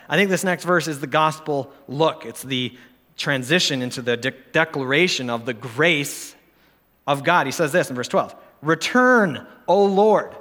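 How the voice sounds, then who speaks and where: A man's voice: medium pitch, sharp tone. A man preaching a sermon in an earnest, pleading, conversational way, correcting himself as he goes. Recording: long hall reverb.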